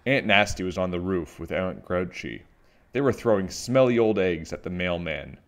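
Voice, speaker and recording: Male storyteller, low voice, very animated read-aloud of a children's book. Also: normal speed. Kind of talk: reading a picture book aloud.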